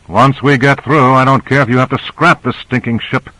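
A man's voice: medium pitch, fairly even intonation, normal speed, sharp tone, no echo, close to an everyday voice, rough recording. A man voicing a blunt, irritable male agent.

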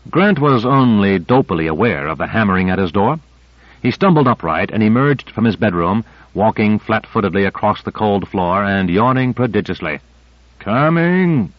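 A man reading a thriller aloud as an audiobook narrator, in a measured, steady way. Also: fairly low pitch, dry recording. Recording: dry, slightly dull recording.

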